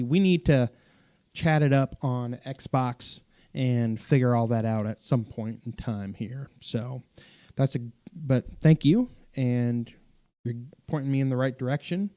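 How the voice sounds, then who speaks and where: A man's voice: medium pitch, mellow. A man hosting a live stream as a pastor, chatting casually with viewers and rambling through fillers, restarts and self-corrections.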